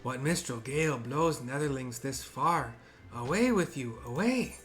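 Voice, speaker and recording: A man's voice: mid-range voice, expressive, measured pace, faint music behind, close to an everyday voice. A man putting on a chanting bird-man healer. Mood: solemn chanting. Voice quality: raised, chanting, ceremonial delivery. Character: solemn male bird-man tribal healer, mystical.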